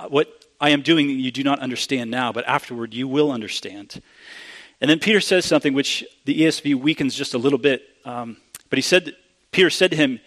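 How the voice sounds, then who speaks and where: A man delivers a sermon as if talking with friends, restarting his phrases now and then. His voice sits at an ordinary middle pitch. When he quotes a passage he leans in and becomes more emphatic. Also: fairly bright tone. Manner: conversational, restarts often, grows emphatic when quoting. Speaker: preacher.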